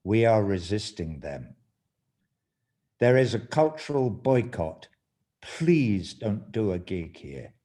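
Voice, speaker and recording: A beaten man speaks plainly and earnestly, asking for help and solidarity, as an older Englishman reads his lines. His voice is low and mellow, a touch louder than the narration. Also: very animated, takes it slowly, exaggerated voice.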